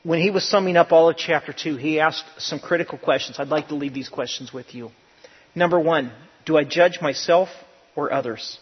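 A man preaching a sermon as pastor, emphatic and often rising to loud, animated bursts. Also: a little high, normal speed, slightly rough. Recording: dull lo-fi sound with long church reverb.

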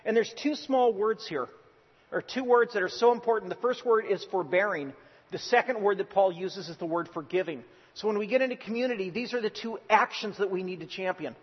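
A man's voice: sits high, a little fast, breathy edge. A male pastor preaching a sermon in a church, earnest and emphatic, often restarting his words. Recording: dull lo-fi recording with long hall reverb.

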